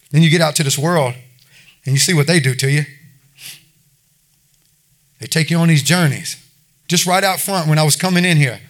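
A middle-aged man preaching an informal sermon in a folksy, conversational way, often repeating himself. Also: on the high side. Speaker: preacher at a recovery ministry.

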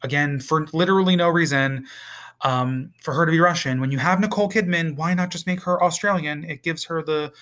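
A man's voice: fairly high pitch, brisk, fairly bright tone. A man reviewing a TV series in a casual vlog, rambling and exasperated, with frequent swearing.

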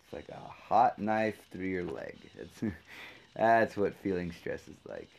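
Low-voiced man rambling with profane sarcasm. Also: sing-song, slow, vocal fry, a little mellow. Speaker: podcast host. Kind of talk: casual rambling monologue.

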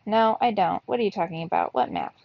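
A woman's voice: mid-range voice, huge pitch swings, fast, gravelly, slightly rough, exaggerated voice. A woman voicing a grumpy, reluctant male mouse in a read-aloud storybook. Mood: grumbling. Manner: grumbling, shrieking protests. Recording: dull, lo-fi, dry.

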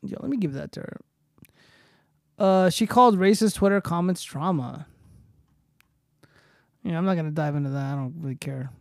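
A man's voice: fairly high pitch, moderate pace, gravelly, long pauses, no echo, clean studio sound. A young man hosting a casual livestream, reading posts aloud and swearing freely in loose, rambling commentary. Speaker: streamer host.

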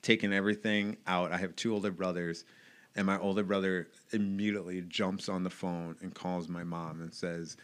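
A man's voice: low voice, little pitch movement, normal speed. A man in his late thirties, an evangelist and motivational speaker, talking openly and reflectively as a podcast guest and laughing often. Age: late 30s. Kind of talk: casual chat.

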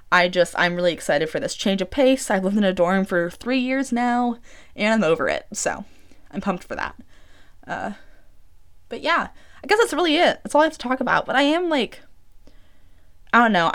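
A young woman around twenty talks on her own podcast in a loose, rambling way. She fills her sentences with "like" and keeps the tone casual. Her voice sits at an ordinary middle pitch. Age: about 20. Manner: chatty, rambling, heavy use of "like". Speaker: podcast host. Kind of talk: casual solo podcast chat. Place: small room she records in.

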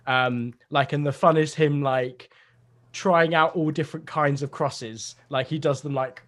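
A man's voice: on the high side, fairly even intonation, measured pace, fairly bright tone. A young man chatting casually over a video call, rambling through a comedy idea with lots of fillers.

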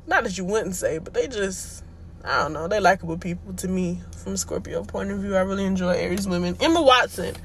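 A woman's voice: fairly high pitch, a bit bright. A young woman hosting a podcast, talking in a chatty, slangy way with frequent laughter. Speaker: podcast host. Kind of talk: casual chat.

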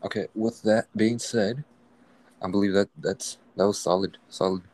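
A young man co-hosting a casual podcast, laid-back and slangy, often agreeing and adding dark jokes. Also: lowish voice, steady tone, normal speed, no echo. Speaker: podcast co-host. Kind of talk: casual chat.

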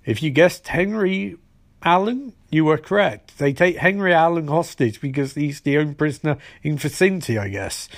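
A man's voice: on the high side, no echo. A man casually recapping a TV episode in a rambling, sarcastic way, acting out the characters' lines as he goes.

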